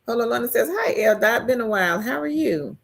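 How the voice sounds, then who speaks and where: A woman hosting a casual live stream, reading viewer comments aloud and answering them in a chatty way, her pitch jumping high when she gets excited. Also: fairly quick, creaky.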